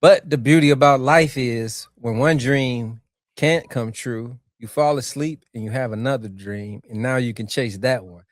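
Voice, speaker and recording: A middle-aged man co-hosting a podcast, reflecting in a measured, storytelling way. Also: medium pitch, no room sound, studio quality. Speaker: podcast co-host. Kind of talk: casual podcast chat.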